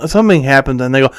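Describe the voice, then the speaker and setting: Podcast co-host, man, mid-pitch, smooth voice, casual movie recap with quoted lines, dry close sound. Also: no room sound. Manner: retells scenes acting out the lines in quick quotes.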